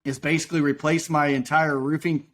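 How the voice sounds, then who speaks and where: Male podcast guest, folksy rambling storyteller, voice sits a touch high. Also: level tone, fairly bright tone. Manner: folksy, rambling, quick to act out quotes. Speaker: podcast guest, roofing business owner. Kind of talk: casual storytelling.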